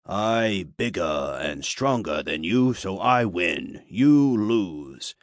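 A big, brawny fighter, as the narrator puts him on, boasting slowly and simply in a low, deliberate voice. The read is close and dry, like a studio audiobook booth. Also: male voice, animated, no echo. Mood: boastful.

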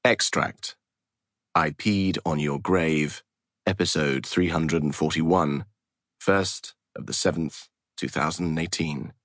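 Deep, slow male audiobook narrator. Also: a bit bright, dry recording, studio quality. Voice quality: measured, formal reading. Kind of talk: scripted narration.

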